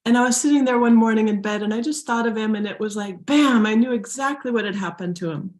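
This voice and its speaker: A woman's voice: fairly high pitch, fast, darkish tone. A woman from the United States, a guest telling her personal story in an interview, earnest and close to tears at times. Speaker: guest, spiritual teacher and healer. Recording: roomy echo.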